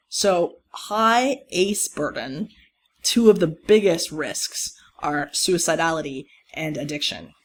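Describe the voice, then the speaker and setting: A lecturer in a recorded course talk who explains material step by step and speaks straight to students. The delivery leans on key words for emphasis and pauses often to rephrase a point. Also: medium pitch, husky.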